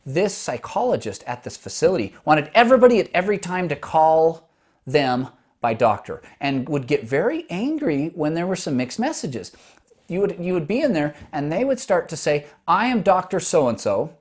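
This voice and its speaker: A man's voice: a little high, sing-song, normal speed, a little mellow, husky. A man hosting a podcast, a doctor explaining things step by step in a conversational monologue with frequent restarts.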